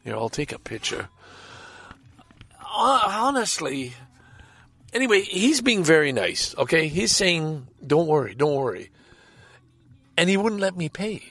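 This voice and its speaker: A man's voice: high voice, very animated, unhurried, pauses often, pushed and bright, breathy edge, dry recording. An older man telling a rambling, profane story from his parked car, stammering and exasperated. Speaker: podcast host. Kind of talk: rambling personal anecdote.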